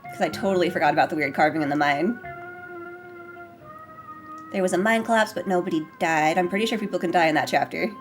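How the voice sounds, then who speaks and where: Bubbly, excitable woman gamer. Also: low voice, very fast, faint music behind. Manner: bubbly and excitable, gushes over characters; switches to a hushed voice to read game text. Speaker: let's play gamer. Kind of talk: casual gameplay commentary.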